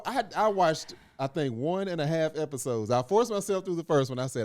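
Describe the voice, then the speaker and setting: A man co-hosting a casual podcast, animated and prone to rising into rants. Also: on the high side, fairly quick, few pauses, dry recording, studio quality. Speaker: podcast co-host.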